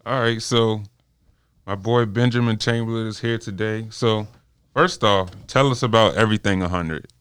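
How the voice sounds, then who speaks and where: A man hosting a podcast who introduces the guest and asks him questions in a relaxed way. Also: lowish voice, moderate pace, smooth, dry recording, clean studio sound. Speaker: podcast host. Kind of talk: casual interview questions.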